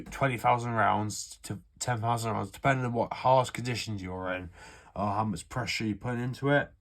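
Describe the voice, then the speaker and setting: A man's voice: fairly low pitch, steady tone, normal speed. A man from the UK giving a rambling, sweary, offhand how-to walkthrough of a gun repair. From United Kingdom. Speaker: airsoft hobbyist showing a repair. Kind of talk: casual how-to chat.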